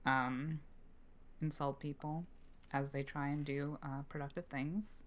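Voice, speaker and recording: A man's voice: a little high, flat delivery, a little slow. A man who is a former co-host, now a player, talking in a sassy, drawling way. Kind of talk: casual chat.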